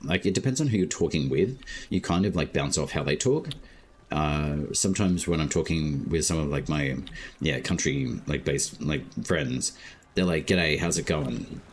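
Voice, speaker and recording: An Australian man chatting casually while streaming a game, talking slowly and laid-back with many filler words. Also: rumbling low, slight background noise. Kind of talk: casual live-stream chat.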